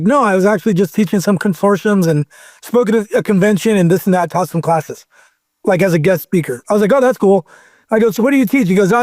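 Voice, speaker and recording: Male guest, high pitch, animated rambling storyteller, dry mic. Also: no echo. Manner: rambling, animated storyteller who acts out quotes. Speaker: podcast guest. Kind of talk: casual storytelling chat.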